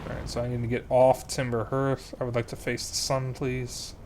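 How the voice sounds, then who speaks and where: A young man talks through a game as he plays, thinking aloud as he recaps the story and plans his next steps. His voice sits at a middle pitch, with a casual streamer's delivery. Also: monotone, moderate pace, darkish tone, slight background noise. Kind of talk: gameplay commentary.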